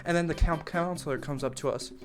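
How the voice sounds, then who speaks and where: A young adult man telling a camp story in a casual, profane, animated way, full of slang and "like". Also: on the high side, fast, soft background music. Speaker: storytime YouTuber.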